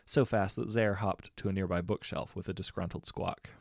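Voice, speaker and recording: Low gravelly male narrator. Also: fairly even intonation, normal speed, dry recording, studio quality. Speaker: audiobook narrator. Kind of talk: fan fiction audiobook narration.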